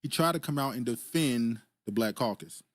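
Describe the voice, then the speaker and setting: A man's voice: medium pitch, moderate pace, no echo. A man hosting a casual political commentary stream, laughing often as he reads viewer comments aloud. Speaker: host reading live chat.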